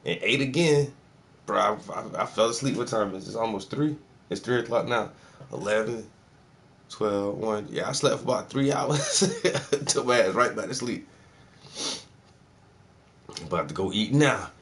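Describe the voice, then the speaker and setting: A man's voice: on the low side, moderate pace, long pauses, a bit bright. A man from South Carolina chatting casually for his vlog at home, loose and profane, laughing often. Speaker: vlogger. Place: indoors at home.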